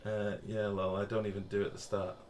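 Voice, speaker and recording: A man's voice: lowish voice, flat delivery, quick pace, a little mellow, slight background noise. An English man chatting casually while live-streaming a game, swearing freely and reading out chat messages. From England.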